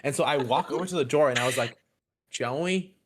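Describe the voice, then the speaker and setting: A man's voice: mid-range voice, very fast, background noise. Laid-back slangy guy. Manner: laid-back, slangy, laughs while telling stories. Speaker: stream co-host. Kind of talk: casual storytelling.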